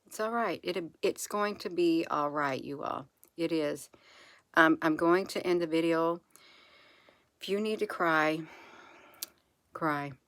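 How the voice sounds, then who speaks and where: Soft-spoken reassuring woman, low voice. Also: no echo. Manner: soft, repetitive, reassuring, with slow drawn-out phrases. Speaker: channel host. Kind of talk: encouraging spiritual monologue to camera.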